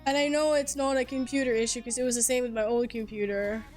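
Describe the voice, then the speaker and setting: Talking fast in a fairly high-pitched voice, a young Swedish-native streamer chats animatedly into her headset mic while gaming live. She swears freely and laughs a lot, and faint music can be heard in the background.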